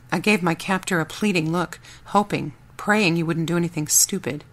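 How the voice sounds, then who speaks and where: A woman reading a first-person audiobook in a steady, measured storytelling voice. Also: fairly low pitch. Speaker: audiobook narrator.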